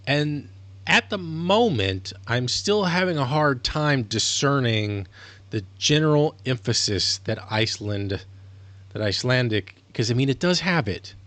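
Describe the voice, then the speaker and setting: A male streamer talks through his thoughts in a loose, rambling way, correcting himself as he goes. His voice sits at a middling pitch. The sound is dry and close. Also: animated, measured pace, a bit bright, dry recording. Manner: rambling, self-correcting, explanatory. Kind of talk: casual livestream monologue.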